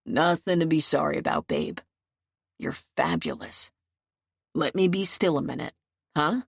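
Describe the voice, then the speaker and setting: A woman reading puts on a gentle, tireless male lover from an audiobook. He speaks in a lowered, soft murmur, coaxing and unhurried. The sound is close and dry, with no room around it. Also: gravelly, slightly rough, no echo, heavily acted.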